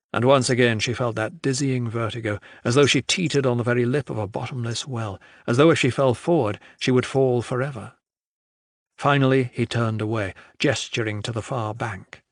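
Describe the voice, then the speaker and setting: A man narrating a fantasy audiobook in a measured, even storytelling voice. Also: medium pitch, vocal fry, dry recording, studio quality. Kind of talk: scripted narration.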